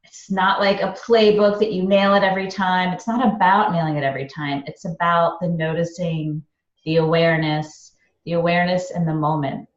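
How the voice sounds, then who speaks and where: A woman podcast host talks through her own stories with lots of energy, voicing the people in them as she goes. Her voice sits a little low. The recording is distant and echoey, with a muffled, lo-fi tone. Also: moderate pace. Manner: animated storyteller, acts out quoted dialogue. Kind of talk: casual interview chat. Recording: roomy, distant, dull-sounding mic.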